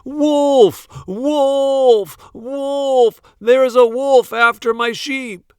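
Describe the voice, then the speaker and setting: A man's voice: mid-range voice, clear, resonant tone, no echo, studio quality. A man doing a bored mischievous shepherd boy. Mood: yelling alarm. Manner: drawn-out complaining, shouting when crying wolf. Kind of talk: storybook read-aloud.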